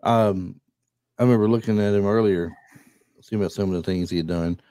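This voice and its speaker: A man hosting a podcast in casual chat, easygoing and hesitant, with many pauses. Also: lowish voice, fairly even intonation, mellow, no echo. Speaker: podcast host.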